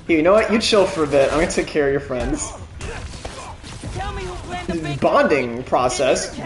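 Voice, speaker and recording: A young man streams a video game with casual, profane commentary, and his voice jumps around in pitch. He laughs and blurts out loud reactions. The room is echoey, and game music plays behind him. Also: expressive, fairly quick.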